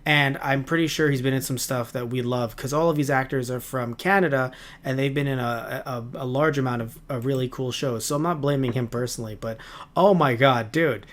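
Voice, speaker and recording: A man in casual chat on a review podcast, rambling and animated. He throws in quick asides and playful voices at a middling pitch. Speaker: podcast co-host.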